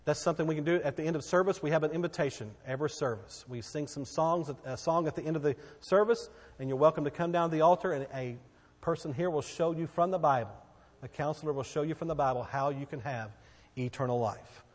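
Emphatic preacher in a reverberant hall. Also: male voice, on the high side, fast. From Texas. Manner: emphatic, repeats key phrases, preaching cadence. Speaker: pastor. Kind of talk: sermon. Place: church sanctuary. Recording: long reverb of a church hall.

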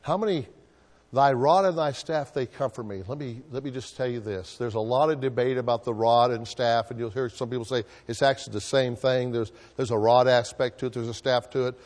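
A man's voice: mid-range voice, steady tone, a little fast, hardly any pauses, darkish tone, big-room sound. A male pastor preaching a sermon, drawing answers from the congregation with call-and-response questions.

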